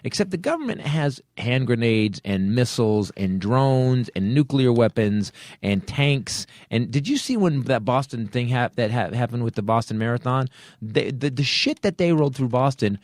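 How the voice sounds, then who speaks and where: A man hosts a comedy podcast and rants with angry, profane energy. His pitch jumps around animatedly as he builds his points. The sound is close and dry on a studio mic. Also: normal speed, no echo. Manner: angry, swearing rants with lively swings of pitch. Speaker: podcast host. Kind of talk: ranting comedy podcast talk.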